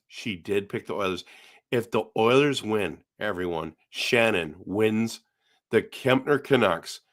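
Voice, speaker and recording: A man's voice: medium pitch, fairly bright tone. A middle-aged man from Canada hosting a casual hockey live stream, reading viewer comments aloud and answering them in a chatty way.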